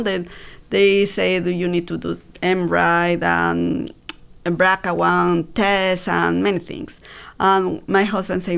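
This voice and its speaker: A woman, telling her personal story as an interview guest, halting with many fillers and restarts. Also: fairly low pitch, fairly even intonation, creaky, clean tone. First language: Spanish.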